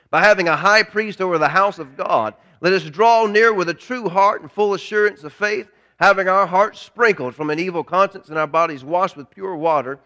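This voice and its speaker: Male pastor, high bright voice, emphatic sermon delivery with rhetorical questions. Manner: emphatic preaching, repeats key lines, rhetorical questions.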